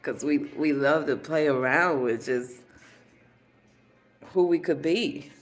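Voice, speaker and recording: A woman's voice: low-pitched, takes it slowly, faint music behind. A woman telling rambling comedic stories and laughing often at her own jokes. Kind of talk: comedic monologue.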